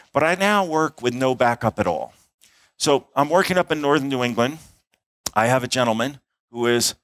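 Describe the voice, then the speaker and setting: A man's voice: mid-range voice, fairly bright tone, no room sound. A middle-aged man, an emergency doctor, giving a conference talk, telling a case story with acted-out dialogue and sounds. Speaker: emergency physician and airway instructor. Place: conference hall.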